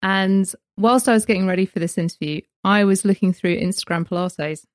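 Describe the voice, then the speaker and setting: A woman's voice: medium pitch, fairly quick, dry recording, studio quality. A woman, hosting a casual interview as a massage therapist, chatty and self-deprecating.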